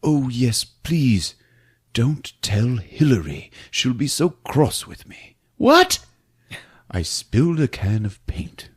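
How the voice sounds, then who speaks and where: A man's voice: mid-range voice, huge pitch swings, slow pace, husky, pitched above the performer's own voice, exaggerated voice. A man putting on a prim, fussy old toymaker. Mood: airy.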